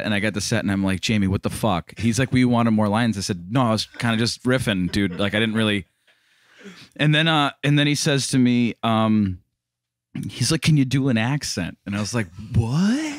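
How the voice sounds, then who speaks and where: A man's voice: lowish voice, fairly bright tone, no room sound. A man telling a story in a casual chat, rambling and self-deprecating, with some swearing.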